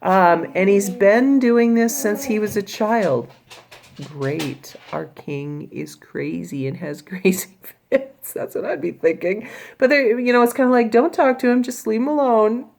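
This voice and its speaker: A woman's voice: mid-range voice, measured pace, vocal fry, a little mellow. A woman English teacher explaining a play to her class in a casual way, paraphrasing the characters in everyday speech. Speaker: high school English teacher.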